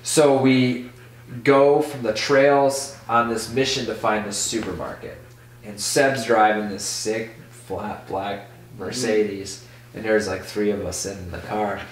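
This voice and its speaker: Animated man telling a story, echoey room. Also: fairly low pitch, slow pace, distant mic, slight background noise. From Michigan. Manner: animated, full of "like", acts out voices in quotes. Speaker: podcast guest, BMX rider. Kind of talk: casual storytelling.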